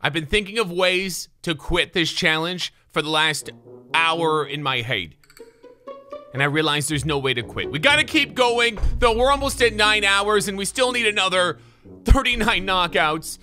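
Excitable gamer yelling over game music. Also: male voice, sits high, normal speed. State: tired. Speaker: gaming YouTuber. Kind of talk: live gameplay commentary. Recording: loud game music behind.

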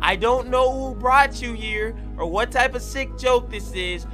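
A young man hosting a game role-play, talking in an excitable, slangy way with loud reactions. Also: extremely high pitch, measured pace. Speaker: gaming channel host. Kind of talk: Minecraft role-play commentary. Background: background music.

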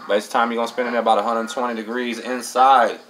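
A man's voice: mid-range voice, flat delivery, fast, a bit bright, slight background noise, poor audio. A middle-aged man hosts a casual storytelling monologue, streetwise and profane, dropping "man" into nearly every line. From Texas. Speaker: host.

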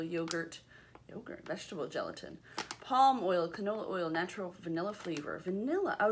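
A woman chatting casually and upbeat as she unboxes and reviews a product, with lots of ums. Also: medium pitch. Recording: audible background noise.

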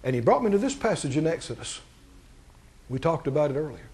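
A male pastor preaching a sermon to a congregation, asking them questions and climbing to high, emphatic peaks. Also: sing-song, fairly quick, a little mellow, slightly rough.

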